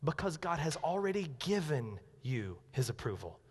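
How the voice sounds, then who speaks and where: A man with a high-pitched voice preaches a sermon, animated and emphatic, dropping low and then rising to loud declarations. His voice carries a long reverb from a church sanctuary. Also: moderate pace, breathy edge. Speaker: pastor.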